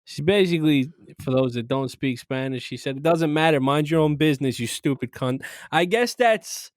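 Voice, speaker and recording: A man with a slightly higher voice talks loosely and laughs a lot as he co-hosts a casual podcast. He swears freely, and his voice sounds dry and close to the mic. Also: moderate pace, no echo. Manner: laid-back, swears a lot, laughs often. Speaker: podcast co-host. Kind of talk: casual chat.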